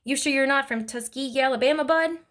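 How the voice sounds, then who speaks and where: A woman's voice: high voice, quick pace, fairly bright tone, a little hiss or hum, voice pushed up. Woman reader voicing a teasing old man in a storybook; light joking delivery.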